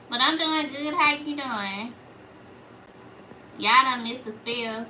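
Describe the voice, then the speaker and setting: A woman's voice: high voice, sharp tone, reverberant, far from the mic, a little hiss or hum, rough recording. Chatty Memphis woman on a livestream. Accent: Memphis Southern. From Memphis, Tennessee. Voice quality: small voice. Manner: chatty, reads out viewer comments. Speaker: livestream host. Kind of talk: casual livestream chat with viewers.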